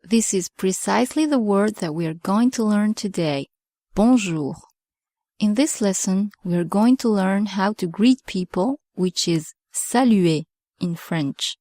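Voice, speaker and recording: Woman, language teacher, beginner lesson, very slow careful delivery, mid pitch, dry close sound. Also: animated, mellow, no echo. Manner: slow, careful pronunciation drills. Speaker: French teacher.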